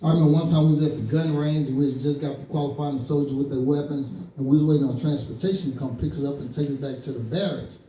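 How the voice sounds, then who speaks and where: A man's voice: on the high side, fairly even intonation, quick pace, few pauses, mellow. Male stand-up comedian from East Saint Louis, storyteller who acts out quotes, recorded in an echoey club, mic at a distance. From East Saint Louis, Illinois. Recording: roomy club sound from a distance.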